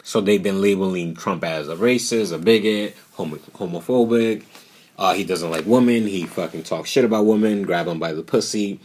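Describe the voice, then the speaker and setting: Blunt, profane young man, deep voice. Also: normal speed, a little mellow. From New York. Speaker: podcast host. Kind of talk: casual political rant.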